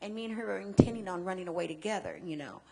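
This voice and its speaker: A woman's voice: mid-range voice, gravelly, very noisy. A woman from Chicago giving a personal testimony talk, earnest and emphatic, repeating key phrases and stumbling into restarts when the memories press in. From Chicago, United States. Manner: earnest storytelling with emphatic repetition; halting restarts when emotional. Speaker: guest speaker and advocate.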